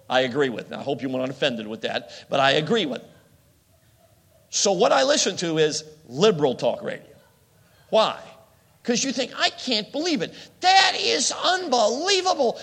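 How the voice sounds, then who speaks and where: A man preaching a sermon in a lively, conversational way, often putting questions to the congregation. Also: fairly high pitch. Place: church hall. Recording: long hall reverb.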